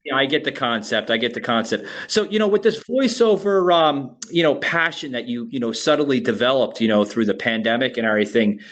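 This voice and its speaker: A man from Florida co-hosting a podcast, speaking haltingly with repeated words and constant you-knows. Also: mid-range voice, expressive, fairly bright tone, rough recording. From Florida, USA. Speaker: podcast co-host. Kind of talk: casual podcast interview.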